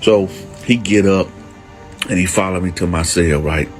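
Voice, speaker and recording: A man's voice: sits low, moderate pace, soft background music. Streetwise man telling a prison story. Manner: emphatic, streetwise, keeps addressing the audience. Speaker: storyteller, channel host. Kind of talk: casual storytelling to camera.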